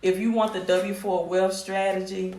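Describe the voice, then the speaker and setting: A woman's voice: medium pitch, level tone, moderate pace, a little mellow. Mississippi woman, echoey live stream. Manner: direct, scolding, repeats herself. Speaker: credit repair business owner hosting a live stream. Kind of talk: casual live stream pitch. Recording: echoey room.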